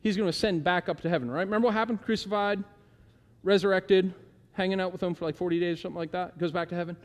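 A middle-aged male pastor giving a conversational sermon, emphatic and slowing down on key words, asking the congregation to repeat lines aloud. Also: high voice, steady tone. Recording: long hall reverb.

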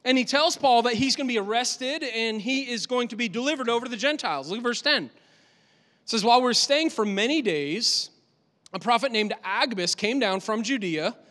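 A male pastor giving an animated, conversational sermon in a church, with lots of repetition for emphasis. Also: extremely high pitch, a little fast. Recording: long hall reverb.

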